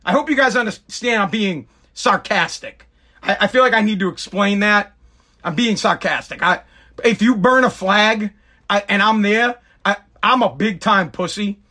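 A man's voice: sits high, moderate pace, pushed and bright. A man giving a sarcastic political rant to camera, mocking people by putting on exaggerated voices.

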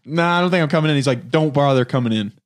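A man's voice: fairly high pitch, rapid-fire. A man co-hosting a casual chat, telling a story and laughing often. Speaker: podcast co-host.

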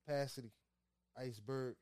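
A man hosting a casual chat, slangy and animated, repeating himself. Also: mid-range voice, a little fast, background noise. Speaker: host.

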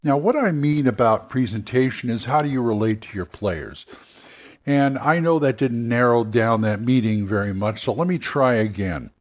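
An older man who runs games and used to work in radio talks in a casual, rambling way. His mid-range voice is expressive, and he often slips into quick character voices.

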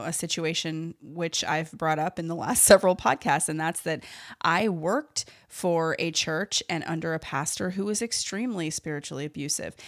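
A woman's voice: lowish voice, dry recording, studio quality. A woman hosting a solo podcast, talking candidly and emphatically about her own church experiences in a casual, filler-heavy way. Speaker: podcast host.

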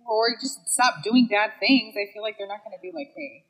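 Woman, breathy, true crime podcast, casual banter, reads case details, trips over names. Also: on the high side, fairly quick, rough recording. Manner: animated, laughs often, trips over names. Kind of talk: casual chat and reading case facts.

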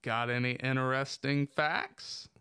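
Man, podcast co-host, casual joking chat, smooth resonant voice, dry recording. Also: medium pitch, fairly even intonation, a little slow, bright, forceful tone, dry recording. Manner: joking, laughs often, profane.

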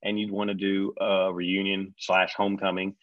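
Man, middle-aged, animated storyteller, lowish voice, dry slightly muffled recording. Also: normal speed, no room sound. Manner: animated, acts out quoted people in a raised voice. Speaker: guest recalling a reality show reunion. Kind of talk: storytelling in conversation. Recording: dry, slightly dull sound.

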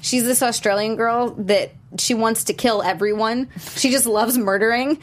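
A woman's voice: a little high, steady tone, moderate pace, slight background noise. A young woman hosting a casual chat about TV episodes, bubbly and laughing often. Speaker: host.

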